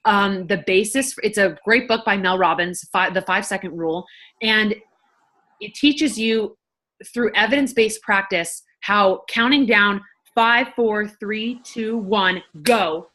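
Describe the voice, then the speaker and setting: Bright-voiced chatty nurse woman. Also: medium pitch, unhurried. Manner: chatty, frank, swears casually. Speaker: nurse and health coach. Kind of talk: casual talk to camera.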